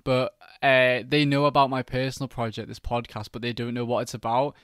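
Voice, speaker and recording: A man's voice: medium pitch, level tone, fairly quick, a bit bright, clean tone, no room sound, studio quality. Easygoing young man hosting. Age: young adult, university student. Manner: easygoing, laughs along, candid. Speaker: podcast host. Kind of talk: casual podcast chat.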